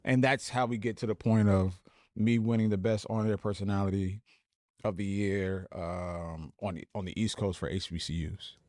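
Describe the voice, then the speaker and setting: A man in his forties from New Jersey, a radio personality telling relaxed stories as a podcast guest, with many fillers. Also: lowish voice, normal speed, dry recording, studio quality. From Plainfield, New Jersey. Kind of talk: casual podcast interview.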